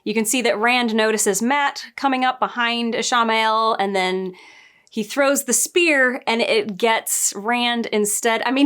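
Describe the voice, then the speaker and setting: A woman giving a casual spoken review, chatty and digressive, often laughing and adding quick asides. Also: fairly high pitch, a bit bright, clean tone. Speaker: book and show reviewer.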